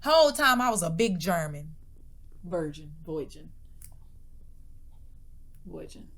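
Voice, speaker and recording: A woman's voice: fairly low pitch, normal speed. A woman co-hosting a podcast, telling a story in casual, profane chat and acting out the people's voices. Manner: animated, profane, acts out voices in her stories; laughs hard, drops to whispers. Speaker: podcast co-host.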